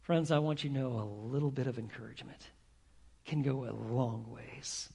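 A man's voice: mid-range voice, normal speed, vocal fry, mellow, slightly rough. A male pastor preaching a sermon, telling stories and putting questions to the congregation. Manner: storytelling, asks the congregation questions.

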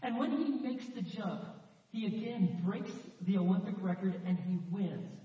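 Preaching a sermon, a pastor tells stories conversationally and acts out the quotes in a high voice at a moderate pace. It was captured by a distant mic in an echoey hall, and the sound is dull.

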